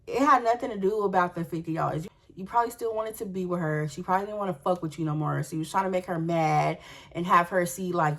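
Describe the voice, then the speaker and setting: Animated young woman telling a profane story. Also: lowish voice, fairly quick, vocal fry. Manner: animated, profane, talks straight to viewers. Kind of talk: storytime vlog.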